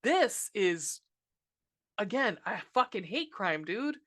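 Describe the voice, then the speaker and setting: Woman on a podcast going off about a bad movie, swears constantly, bright sharp voice, sarcastic. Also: medium pitch, very animated, slow. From United States. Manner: ranting, sarcastic, swears a lot, frequent laughs and filler. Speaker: podcast host reviewing a film. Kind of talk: casual movie review monologue.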